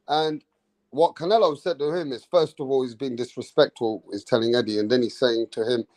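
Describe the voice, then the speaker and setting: A man hosting a podcast in casual chat, blunt and animated, swearing freely. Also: mid-range voice, a little fast, dry recording. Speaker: podcast host.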